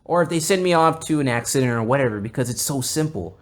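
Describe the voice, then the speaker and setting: A young man on a podcast tells a long story in a loose, rambling way. He swears constantly and gets animated. His pitch sits right in the middle. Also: fast. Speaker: podcast host. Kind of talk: casual storytelling.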